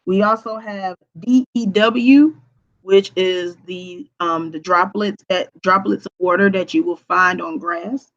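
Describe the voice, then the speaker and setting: A woman's voice: lowish voice, fairly even intonation, measured pace, highs cut off. A woman teacher walking students through a recorded grammar lesson, patiently checking understanding with frequent okays. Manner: hums to herself while typing on screen.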